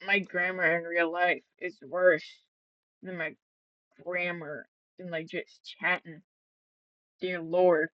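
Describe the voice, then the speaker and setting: A woman's voice: lowish voice, level tone, slow pace, pauses often, dry recording, lo-fi sound. A woman gaming vlogger telling a story in casual chat, rambling and swearing, with many fillers and restarts.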